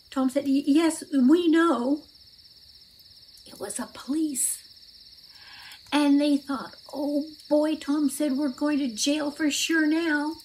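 A woman telling a children's Bible story aloud, asking her listeners questions and acting out the characters' shouts. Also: high voice, takes it slowly, low-quality recording.

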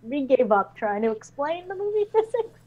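Lively high-voiced woman riffing. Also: moderate pace, phone-quality sound, slight background noise. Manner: animated, exclaiming, laughing often. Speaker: scientist guest. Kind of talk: casual movie-riffing chat.

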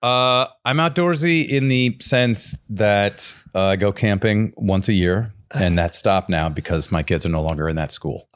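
A man's voice: on the low side, unhurried, hardly any pauses. A middle-aged man chatting as a podcast guest, dry and sarcastic, trailing off into fillers and restarts. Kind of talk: casual podcast chat.

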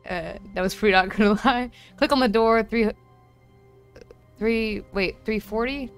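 A woman's voice: on the high side, a little slow, clear, resonant tone, soft background music. A woman chatting casually and joking as she streams a game from home. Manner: chatty, joking to herself and chat. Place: home room.

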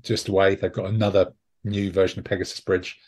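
This is a man with a low, husky voice hosting a relaxed podcast conversation. He rambles along with frequent ums and self-corrections, telling stories in an easygoing chatty way. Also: a little fast. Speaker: podcast host. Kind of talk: casual chat.

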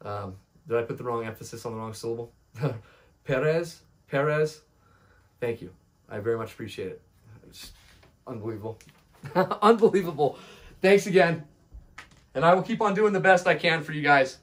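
Halting, grateful man vlogging. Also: mid-range voice, fairly even intonation, a bit bright. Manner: grateful, halting, many restarts and fillers. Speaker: vlogger thanking donors. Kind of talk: casual thank-you video.

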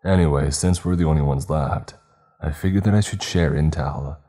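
A man's voice: extremely low pitch, moderate pace, warm tone. A man voicing a teenage boy leading his classmates, speaking in an insistent, raised voice. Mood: intense. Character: urgent teenage boy leader rallying classmates.

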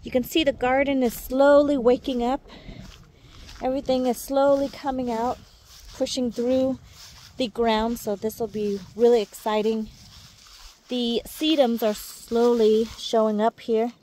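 A woman's voice: fairly high pitch, flat delivery, a little slow, slight background noise. A woman walking viewers through her home garden outdoors in a casual vlog, chatty and friendly, talking straight to the camera. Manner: chatty, warm toward viewers, coos baby talk at her dogs. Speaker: gardening vlogger.

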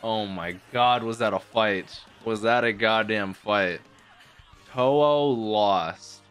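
A man hosting an anime reaction video, casual and excitable, swinging between loud hype and quiet musing, with some casual swearing. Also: lowish voice, takes it slowly, clean tone, soft background music. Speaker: anime reaction channel host.

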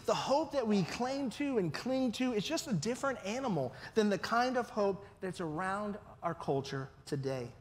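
High-voiced pastor in a reverberant hall. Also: male voice, slight background noise. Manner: conversational, often checks in with listeners. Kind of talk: sermon. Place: church hall. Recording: long reverb of a church hall.

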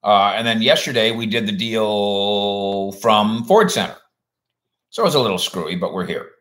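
A man's voice: fairly low pitch, lively intonation, normal speed, a bit bright. A man hosting a sports livestream in a rambling, folksy way, chatting casually and reading out viewer comments.

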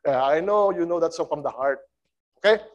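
A man preaching a sermon as a guest speaker, swinging between loud and soft and getting the congregation to join in. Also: a little high, lively intonation, brisk, highs cut off.

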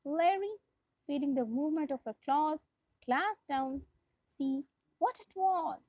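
A young woman with a Pakistani English accent reads a storybook to her class as their English teacher, often going back to restart phrases. Her high voice keeps a measured pace, and the dull, lo-fi recording is dry with no echo.

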